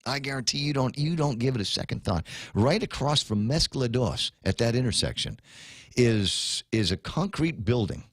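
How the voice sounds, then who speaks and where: A man hosting a talk radio show, ranting in an animated, conversational way. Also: mid-range voice, normal speed, no room sound, studio quality.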